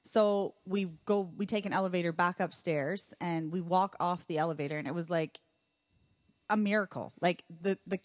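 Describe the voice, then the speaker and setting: A young adult woman, a podcast guest, telling a travel mishap story in an animated way and acting out her own panicked lines. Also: on the low side, normal speed, no room sound. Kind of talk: casual storytelling chat.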